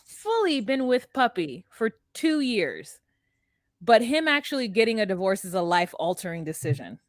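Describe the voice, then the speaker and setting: A woman's voice: medium pitch, big pitch swings, normal speed, no room sound, studio quality. A woman co-hosting a TV recap podcast, telling it in a rambling, hesitant way with giggles. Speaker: podcast co-host. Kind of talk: casual recap chat.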